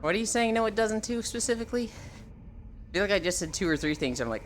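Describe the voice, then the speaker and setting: A woman streamer chatting casually with her live chat, teasing viewers and telling animated stories. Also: mid-range voice, fast talker, a little hiss or hum. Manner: animated storytelling with laughter.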